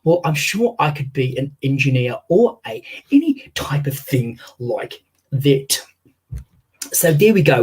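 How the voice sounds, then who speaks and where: A man's voice: on the high side, darkish tone, breathy edge. A man hosting a live question session, reading out audience questions with many fillers. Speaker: host taking audience questions. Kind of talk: casual live-stream chat.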